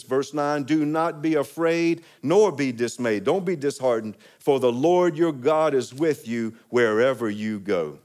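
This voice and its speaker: A man's voice: mid-range voice, unhurried, few pauses, a little mellow. Man, pastor, sermon, call-and-response, emphatic, chuckling. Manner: preaching with call-and-response, rising to emphatic peaks.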